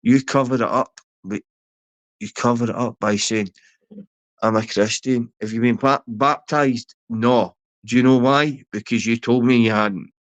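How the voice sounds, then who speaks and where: A man's voice: mid-range voice, a bit bright, dry recording. A man from Glasgow with a Glaswegian accent, ranting aggressively at a rival on a livestream, taunting and swearing. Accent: Scottish, Glaswegian. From Scotland. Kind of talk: confrontational livestream rant.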